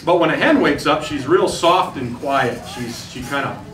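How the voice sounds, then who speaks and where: A man's voice: on the high side, animated, normal speed, a bit bright, slight background noise. A man with an Upper Midwest American accent giving a plain, folksy, step-by-step demonstration for hunters. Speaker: turkey hunting instructor. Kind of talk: outdoor demonstration talk to hunters. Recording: roomy sound, voice from a distance, faint ambience.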